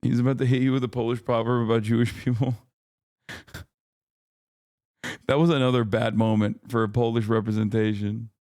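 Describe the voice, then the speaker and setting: Man, livestream host, profane rant to viewers, frequent laughs, clear resonant voice, dry close mic. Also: mid-range voice, level tone, moderate pace, pauses often, warm tone, no room sound. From lives in California. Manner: profane, ranting, laughs often. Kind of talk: casual livestream chat reacting to viewers.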